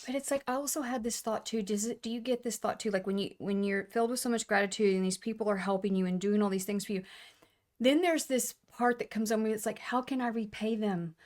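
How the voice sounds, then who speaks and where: A woman's voice: medium pitch, quick pace. Emotional woman podcast co-host. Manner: emotional, animated storytelling. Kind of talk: casual chat.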